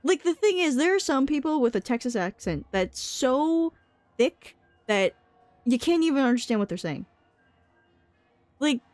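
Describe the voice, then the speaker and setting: A woman's voice: a little high, darkish tone, no echo. Chatty Boston-accented woman streamer. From New England. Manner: chatty, laughs often, fillers like "like". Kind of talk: casual chat while gaming.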